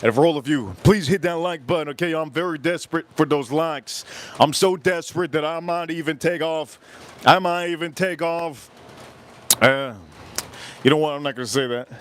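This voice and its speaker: A man's voice: on the high side, moderate pace, a little hiss or hum. Rambling, jokey man grilling on a live stream. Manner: jokey, rambling, bursts into shouted bits. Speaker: livestream cooking host. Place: outdoors at a grill.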